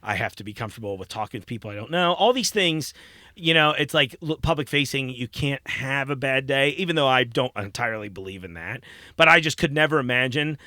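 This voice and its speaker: An American man in his forties tells stories with lively, swooping intonation and frequent laughter. His voice is bright and forward, recorded close and dry. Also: mid-range voice, a little fast, dry recording. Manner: animated, laughing storyteller. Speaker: podcast guest. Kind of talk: casual chat.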